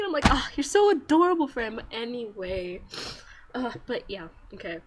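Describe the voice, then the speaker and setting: Excitable young woman ranting about manga. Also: normal speed, slight background noise. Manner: animated, acts out quotes with big pitch jumps and squeals. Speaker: manga fan vlogger. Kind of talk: excited casual fan rant.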